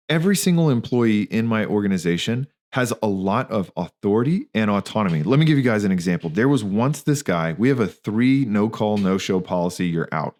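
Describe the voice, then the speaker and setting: Candid, slangy man with a low voice. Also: darkish tone. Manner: candid, slangy, emphatic storytelling. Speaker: podcast host, physician and practice owner. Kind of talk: casual spoken monologue.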